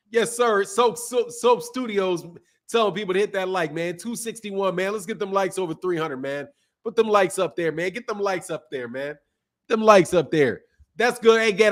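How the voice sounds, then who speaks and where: The host of a boxing channel, a man, reads viewer super chats aloud on a loose, casual livestream in a slangy, laid-back manner. His voice sits high and is a bit bright, though his throat is sore.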